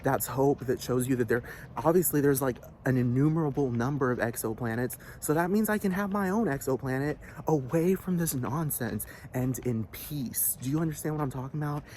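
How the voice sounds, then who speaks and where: Speaking fast with hardly a pause, a vlogger with a medium-pitched, slightly mellow voice unleashes an angry, profane tirade over a light hiss or hum. He repeats himself and keeps checking whether the listener understands.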